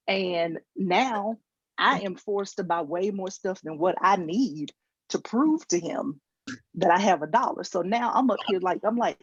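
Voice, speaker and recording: A comedian from Georgia, speaking with a Southern accent, does a stand-up set over a video call in a medium-pitched, slightly rough voice at moderate pace, with no echo. She acts out quotes and pokes fun at herself in her stories. The video call mic yields dull, lo-fi audio.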